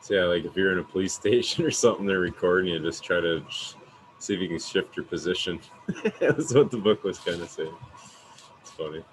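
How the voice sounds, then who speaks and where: A man with a deep, low voice chats as a podcast guest. His talk is loose and meandering, full of likes and ums, and he swears often, with faint noise behind him. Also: lively intonation, brisk, low-quality recording. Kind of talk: casual podcast chat.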